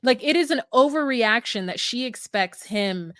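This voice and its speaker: A woman's voice: fairly high pitch, expressive, normal speed, fairly bright tone, smooth, no echo, clean studio sound. A woman co-hosting a casual reality-show recap podcast, chatty and fond of dramatic emphasis. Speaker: podcast co-host.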